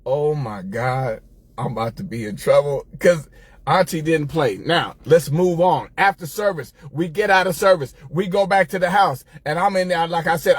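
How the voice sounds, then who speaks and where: A middle-aged man hosting a casual storytelling monologue, animated and laughing as he talks to his listeners. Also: high voice, no echo. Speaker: host.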